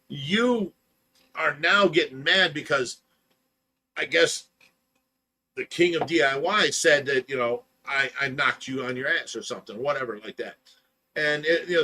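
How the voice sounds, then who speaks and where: A man hosting a casual livestream tells a story in a loose, rambling way, full of "you know" and "blah blah." His voice is bright and sits a little high, and it turns loud and heated when he repeats the argument. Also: normal speed. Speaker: livestream host.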